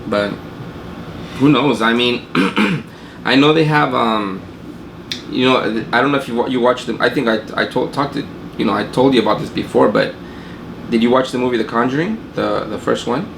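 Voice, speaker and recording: A man's voice: medium pitch, moderate pace. A man co-hosting a podcast, asking questions in an easygoing, filler-heavy way. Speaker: podcast co-host. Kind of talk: casual chat. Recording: echoey room with clear noise.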